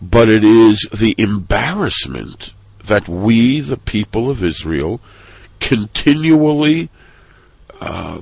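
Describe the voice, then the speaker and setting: A man delivers a sermon in an unhurried, deliberate way, his voice a little husky and fairly low. He speaks earnestly and climbs in pitch when he stresses a point. The sound is dry, close and free of room echo. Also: lively intonation, a little mellow. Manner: measured, earnest, rising with emphasis on quoted complaints. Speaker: rabbi. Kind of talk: sermon on the weekly Torah portion.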